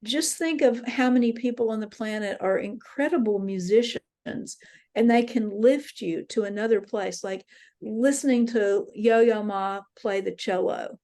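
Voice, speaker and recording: In an interfaith center meeting room, a woman runs a dream workshop, speaking at a measured pace in a warm, fairly high voice. She earnestly and reflectively recounts her own dreams.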